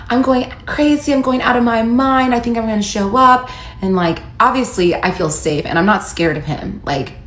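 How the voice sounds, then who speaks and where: A woman telling her own story to camera in a casual, candid and animated way, reading out texts as she goes. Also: mid-range voice, slight background noise. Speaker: storyteller recounting her divorce. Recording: echoey room, faint ambience.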